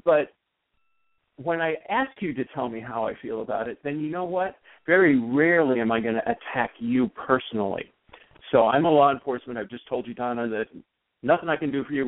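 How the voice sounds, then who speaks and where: Male expert guest, animated explainer, heard over a dry, phone-like line. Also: mid-range voice, fairly quick, dry recording. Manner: animated, acts out example dialogue. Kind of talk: explanatory interview talk.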